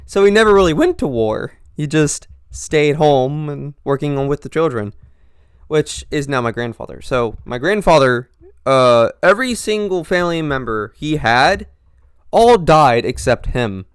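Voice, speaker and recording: A young man with an accent mixing Northern and Southern US speech, hosting a podcast in a halting, rambling monologue full of restarts. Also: on the high side, animated, clear, resonant tone, no echo, clean studio sound. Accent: mix of Northern and Southern US. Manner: halting, with frequent restarts and trailing pauses. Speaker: podcast host.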